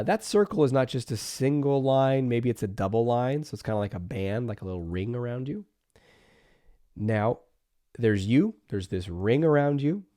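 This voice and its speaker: A man's voice: mid-range voice, warm tone. A man who is a therapist, hosting a solo podcast and explaining ideas with everyday examples, sometimes acting out what people tell themselves. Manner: explains with everyday examples and acts out inner voices.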